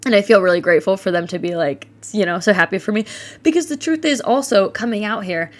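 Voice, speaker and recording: A woman's voice: medium pitch, quick pace. Candid young woman venting on her podcast. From Ohio. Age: 20s. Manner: candid and animated, swears freely, quotes people in mimicked voices. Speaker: podcast host. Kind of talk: casual solo podcast monologue.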